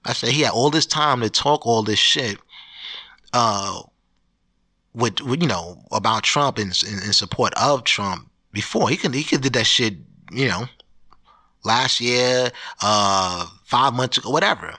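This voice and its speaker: A man with a mid-range, bright, forceful voice speaks unhurriedly while hosting his own podcast. It's a solo rant, loose, profane, and rambling, with many restarts.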